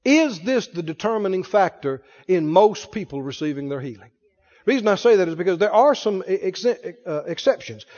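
A man's voice: high voice, darkish tone. A man preaching a sermon as pastor, who keeps asking his congregation questions. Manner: asks the congregation rapid questions. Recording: dull recording in a reverberant hall.

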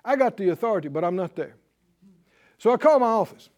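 A man preaching a sermon in a high voice. His pitch leaps and swoops as he acts out little scenes. He calls out to the congregation and waits for them to answer. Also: brisk. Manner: animated storytelling, acting out dialogue; call-and-response with congregation.

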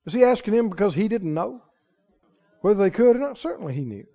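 This pastor's sermon is folksy and emphatic, building up to exhortation, and was recorded in a church sanctuary with a dull, reverberant hall sound. His voice sits high and is warm and sing-song, and he talks fast.

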